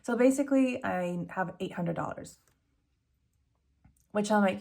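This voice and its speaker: A woman's voice: medium pitch, unhurried, vocal fry, darkish tone. A woman budgeting vlogger talking casually to camera, candid and rambling with fillers, self-corrections, nervous laughs and sighs.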